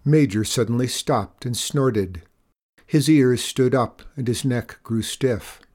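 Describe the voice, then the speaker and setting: A man narrating a children's storybook aloud in a gentle, expressive way. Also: mid-range voice, slow.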